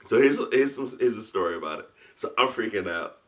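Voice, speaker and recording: A man tells a story in a casual chat, animated and quick to laugh. His voice sits lowish and his pitch leaps around. He often restarts his sentences. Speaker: guest storyteller, convention founder.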